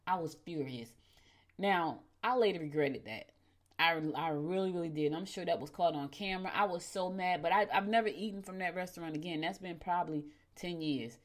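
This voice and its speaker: A middle-aged woman with a somewhat low voice who hosts a morning show in a chatty, familiar way. She keeps talking to her listeners as "y'all," and her pitch and loudness swing sharply as she gets into a story. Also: a little fast. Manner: animated, with sudden jumps in pitch and loudness. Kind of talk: casual storytelling and horoscope reading.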